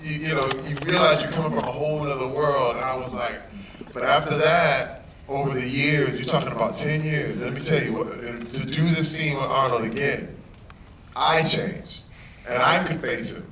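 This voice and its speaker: A man telling a story at a premiere Q&A, lively and laughing, acting out quotes. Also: mid-range voice, normal speed, noisy background. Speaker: guest actor at a premiere Q&A. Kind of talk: animated storytelling in a Q&A. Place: large cinema hall with audience. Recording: echoey hall recorded from far off. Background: loud audience crowd.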